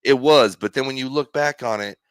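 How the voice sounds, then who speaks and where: A middle-aged man, a sports show guest, telling animated, jokey, self-deprecating stories in casual chat. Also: mid-range voice, brisk, clean tone, dry recording. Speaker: guest, former pitcher.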